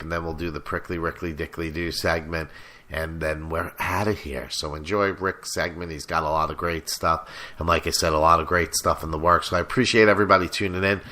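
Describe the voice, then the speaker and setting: A radio host rambles casually through the show's sign-off with lots of fillers and cursing. His voice is very low yet bright and forward. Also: level tone, moderate pace. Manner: rambling, filler-heavy, profane.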